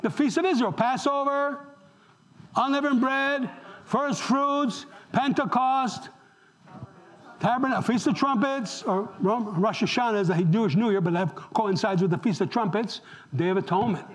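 A man's voice: very high-pitched, normal speed, rough recording. A man preaching a sermon, talking straight to the congregation and asking them questions. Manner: animated, asks the congregation questions. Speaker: pastor.

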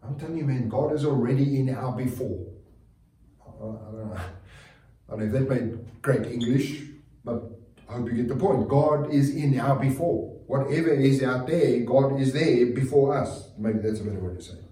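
A man's voice: mid-range voice, normal speed, warm tone. A man preaching a sermon as a pastor, earnest and repetitive, often restarting his phrases. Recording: roomy, distant mic.

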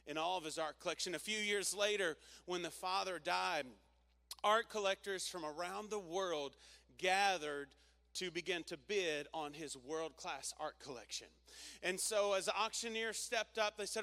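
A man's voice: high voice, normal speed, gravelly, pushed and bright. A man preaching a sermon, telling a story and calling on the congregation to repeat phrases back. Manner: storytelling, call-and-response with congregation. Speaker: pastor.

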